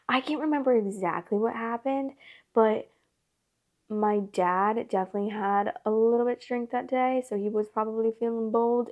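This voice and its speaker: Gravelly-voiced woman rambling through a story. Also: a little high, lo-fi sound. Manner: rambling, filler-heavy with constant "like". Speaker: storytime host. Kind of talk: casual storytime chat.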